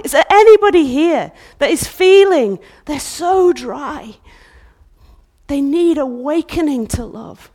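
Impassioned woman preaching, high-pitched voice. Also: lively intonation, measured pace. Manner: impassioned, dramatic, swings from loud outbursts to hushed whispers when quoting. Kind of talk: sermon.

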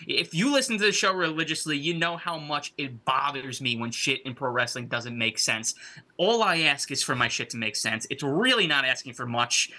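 Very bright-toned male co-host. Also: medium pitch. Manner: rambling, frequent fillers, swears. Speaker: podcast co-host. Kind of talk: casual wrestling talk.

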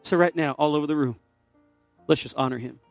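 A middle-aged male pastor delivers a sermon, telling a personal story before urging his congregation to respond. His voice sits fairly high, and he keeps moving between relaxed storytelling and passionate exhortation. The mic is close and dry, with soft music playing underneath. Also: a little fast, no room sound. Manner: storytelling, building to fervent exhortation. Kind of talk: sermon with altar call. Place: church sanctuary.

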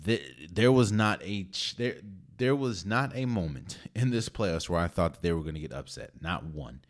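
A man's voice: low voice, lively intonation, moderate pace. A man hosting a podcast, talking through his sports opinions casually and emphatically, with frequent restarts. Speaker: podcast host.

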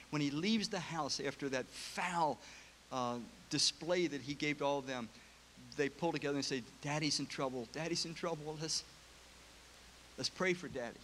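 A man preaching, retelling a story with feeling and casual asides. His voice sits a bit high. A faint hiss lies under the recording. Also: a bit bright. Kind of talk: sermon retelling a film story.

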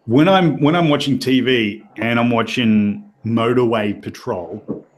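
An Australian man hosting a podcast, chatting casually and joking in loose, animated rants. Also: mid-range voice, measured pace. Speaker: podcast host. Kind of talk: casual chat.

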